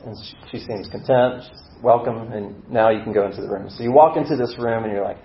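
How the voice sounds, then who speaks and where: A man's voice: lowish voice, steady tone, fairly quick. A man giving a sermon as a story, acting out the inner voice of a struggling believer and dropping to a murmur for quoted doubts. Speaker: preacher. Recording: roomy, slightly dull sound.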